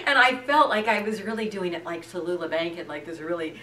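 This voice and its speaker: Animated woman storyteller, echoey room. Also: on the low side, a little fast. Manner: animated storyteller, laughs often. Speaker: actress guest. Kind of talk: casual chat. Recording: echoey room, distant mic.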